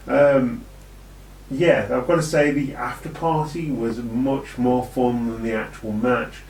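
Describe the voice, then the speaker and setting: A man's voice: medium pitch, slow pace, a little mellow. A British man casually reviewing an old wrestling event, rambling and joking with plenty of ums. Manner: rambling and jokey, with many ums. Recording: echoey room, distant from the mic.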